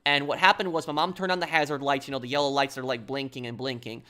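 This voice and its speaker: A man's voice: mid-range voice, steady tone, fast talker, sharp tone. A man from New York telling a long story on a stream, rambling and restarting his sentences. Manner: rambling, repeats himself, restarts often.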